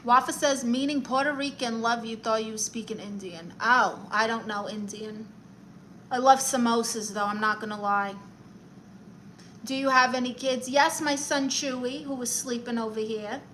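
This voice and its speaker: A woman's voice: a little high, moderate pace, a bit bright, slight background noise. A woman with a New York accent hosting a casual livestream, reading comments aloud and giving advice in a sassy, theatrical auntie manner. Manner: sassy, theatrical auntie, calls viewers honey and darlings.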